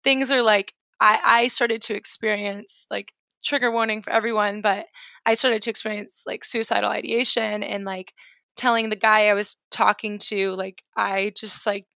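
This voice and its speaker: A woman's voice: mid-range voice, flat delivery, normal speed, gravelly, bright, forceful tone, dry recording. A woman in her twenties from New York, candidly recounting a personal story in a rambling way with many "like" fillers. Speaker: guest.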